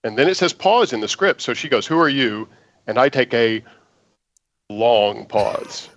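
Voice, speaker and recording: A man, an actor guest, telling an animated audition story in an interview and acting out the lines he quotes. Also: mid-range voice, unhurried, dry recording, dull audio.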